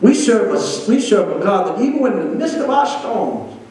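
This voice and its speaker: High-voiced pastor preaching, echoey. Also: male voice, expressive, darkish tone. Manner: emphatic preaching with repeated phrases and drawn-out quotes. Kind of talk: sermon. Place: church. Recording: echoey church room from far off.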